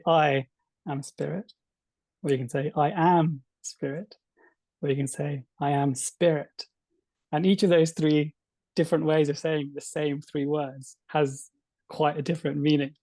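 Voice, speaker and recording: A man co-hosting a book discussion podcast, speaking in a measured, reflective way with some fillers. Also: on the high side, mellow, dry recording. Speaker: podcast co-host.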